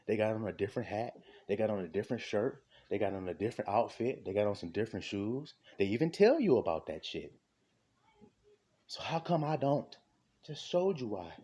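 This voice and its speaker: A man preaching an impassioned sermon, fervent and repetitive, with a husky voice. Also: lowish voice, warm tone. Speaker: street preacher.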